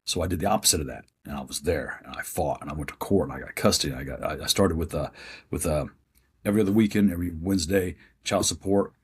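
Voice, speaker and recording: A man in his fifties, with a deep, very husky and raspy voice, speaks fast as a podcast guest. He tells his story plainly and earnestly.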